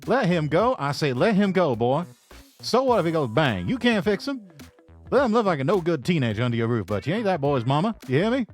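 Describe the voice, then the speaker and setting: A man doing a pompous, loud old cartoon rooster in a put-on Southern drawl, stammering "I say, boy" as he lectures. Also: on the high side, very animated, a little fast, faint music behind, voice pushed up. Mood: lecturing. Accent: American Southern (put on).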